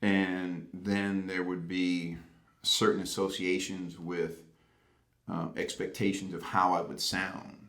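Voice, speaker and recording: American man, very low voice, gravelly, measured storytelling in an interview. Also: flat delivery, a bit bright. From Boston, United States. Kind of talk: reflective interview talk.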